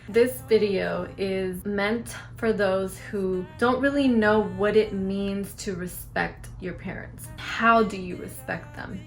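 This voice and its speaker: A woman's voice: medium pitch, slow, hardly any pauses, faint music behind. A young woman vlogger talking frankly to camera, giving advice and acting out lines of dialogue. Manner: frank, animated, acts out quoted lines.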